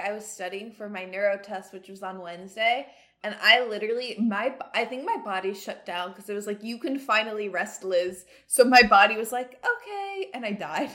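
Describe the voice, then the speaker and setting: A woman in her twenties co-hosting a podcast in casual chat, animated and swearing freely. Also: medium pitch. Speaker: podcast co-host.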